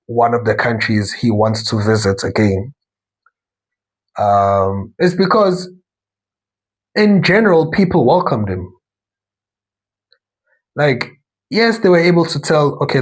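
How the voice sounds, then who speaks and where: A young man from South Africa talks through his own show in a loose, rambling monologue, stopping for asides and correcting himself as he goes. His voice is husky and sits at a middling pitch for a man. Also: rough recording. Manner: rambling, conversational, frequent asides and self-corrections. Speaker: talk show host. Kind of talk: casual monologue commentary.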